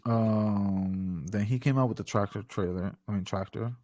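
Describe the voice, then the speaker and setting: A man co-hosting a casual wrestling podcast, talking in an animated way, swearing freely and ranting with playful bravado. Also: on the low side, normal speed, dry recording. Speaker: podcast co-host. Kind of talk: casual wrestling reaction chat.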